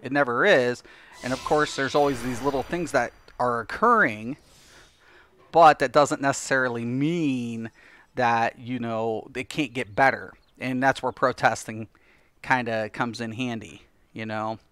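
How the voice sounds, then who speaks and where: A man's voice: medium pitch, unhurried, a bit bright, no room sound. A middle-aged man streaming a game, chatting casually and rambling with lots of "you know" fillers. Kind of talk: casual chat while gaming on stream.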